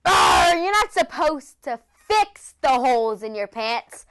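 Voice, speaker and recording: Woman, teasing sassy pirate, high, lively. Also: slow. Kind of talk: improvised pirate comedy skit.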